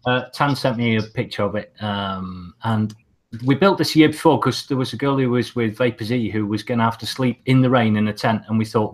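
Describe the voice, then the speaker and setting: A British man hosting a casual podcast, chatting bluntly with plenty of swearing and halting restarts. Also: medium pitch, fairly even intonation. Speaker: podcast host. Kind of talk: casual banter.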